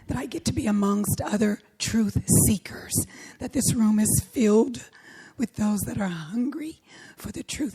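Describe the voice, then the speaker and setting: Woman minister, middle-aged, hoarse, mellow, breathy, sermon with whispered emphasis. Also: a little high, no echo. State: hoarse, voice worn. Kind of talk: sermon with opening prayer.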